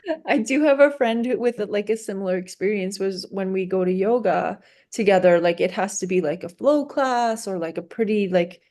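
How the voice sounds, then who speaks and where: A woman's voice: mid-range voice, moderate pace, warm tone. A woman teacher talking casually and chattily, laughing often and saying "like" a lot. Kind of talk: casual conversation.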